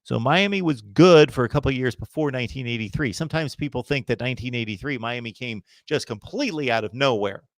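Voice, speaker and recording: A man's voice: medium pitch, fast talker, few pauses. A man hosting a live college football chat, reading viewer comments and giving emphatic opinions. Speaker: host of a college football livestream.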